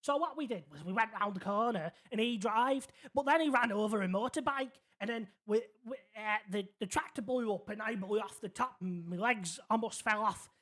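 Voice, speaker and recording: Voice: mid-range voice, normal speed, hardly any pauses, a bit bright, close to an everyday voice. Streamer putting on a clueless young guy, rambles on and on, keeps going "right?". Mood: earnest rambling. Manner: rambling, keeps checking the listener is following. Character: naive rambling young man, tractor-loving. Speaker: roleplay character in a city game. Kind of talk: in-character storytelling.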